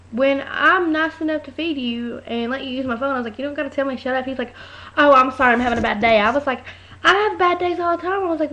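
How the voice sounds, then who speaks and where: Woman vlogger, high voice, loud and chatty, tells stories and mimics people; dull webcam audio. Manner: chatty storytelling, acts out voices, talks loud. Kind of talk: casual webcam rant. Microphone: webcam mic.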